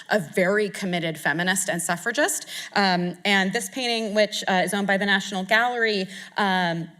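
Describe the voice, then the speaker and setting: A woman's voice: medium pitch, fairly bright tone. A woman art historian answering an audience question after her lecture, thinking aloud with frequent restarts and self-corrections.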